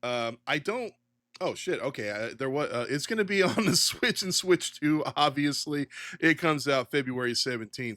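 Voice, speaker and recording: A middle-aged man hosting a casual solo commentary podcast, ranting in an animated, exasperated way and swearing often. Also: fairly high pitch, a little slow, no room sound, studio quality. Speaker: podcast host.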